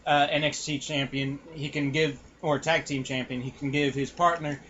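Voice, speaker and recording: A man co-hosting a casual podcast, rambling through relaxed opinions. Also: fairly high pitch, moderate pace. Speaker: podcast co-host. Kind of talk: casual wrestling chat. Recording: dull lo-fi sound with faint noise.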